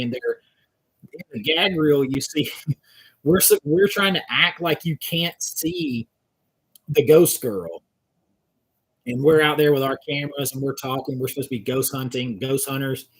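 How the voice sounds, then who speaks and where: A man with a husky, medium-pitched voice, from Georgia in the American South, chats casually on stream as the channel's host. Rambling and talkative, he answers live chat by reading viewers' comments aloud.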